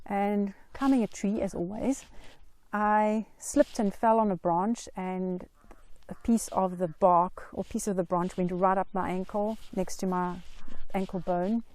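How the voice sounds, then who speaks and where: A middle-aged woman earnestly telling her own life story in a slow, reflective way. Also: mid-range voice, fairly even intonation, darkish tone. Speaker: Christian mental health vlogger. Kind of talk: personal story told to camera.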